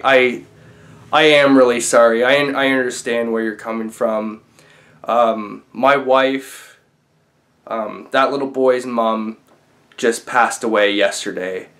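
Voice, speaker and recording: A man voicing a weary, grieving father who apologizes in a halting, soft way. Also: mid-range voice, fairly even intonation. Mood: apologetic.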